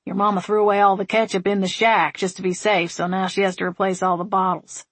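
Woman voicing a patient man, wry, steady, teasing, mid-pitched. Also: quick pace, dry recording, natural voice.

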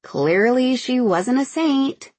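A woman reading the part of a curious, blunt teenage girl who talks with a lively, slightly sarcastic edge. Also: high voice, takes it slowly, husky, no room sound, pitched above the performer's own voice, heavily acted.

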